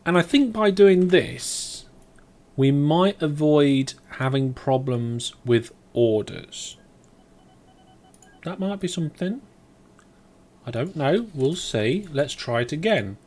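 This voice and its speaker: A man's voice: fairly high pitch, lively intonation, takes it slowly, pauses often, a little mellow. A man streaming a game live, thinking aloud as he plays and chatting back to his viewers. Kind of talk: live let's play commentary.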